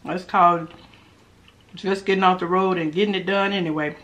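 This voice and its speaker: The audio is dull, and the woman speaks at a normal speed in a lowish voice. As a mukbang vlogger, she eats casually, humming over her food and calling out to viewers in a chatty, animated way.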